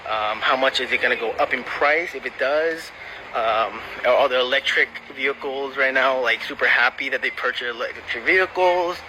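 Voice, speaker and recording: A man's voice: mid-range voice, moderate pace. A man giving a casual, outdoor update for his viewers, with ums and loose phrasing. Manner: casual, filler-laden update. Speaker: vlogger. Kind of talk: outdoor news vlog. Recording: street noise and traffic.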